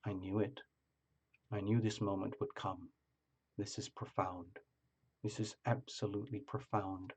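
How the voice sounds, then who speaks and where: A man putting on a hushed, reverent inner voice that murmurs solemnly. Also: fairly low pitch, level tone, measured pace, long pauses, slight background noise, voice pushed down. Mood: awed.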